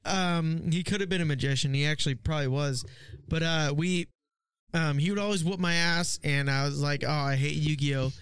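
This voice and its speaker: A man's voice: on the high side, moderate pace, a bit bright, smooth, dry recording. A man co-hosting a podcast, chatting in a laid-back, profane way about his childhood hobbies. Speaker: podcast co-host. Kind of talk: casual chat.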